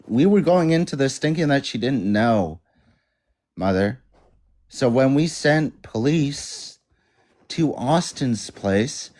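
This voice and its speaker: A man speaking as a guest on a livestream, indignant but measured. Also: mid-range voice, a little mellow. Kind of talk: heated livestream discussion.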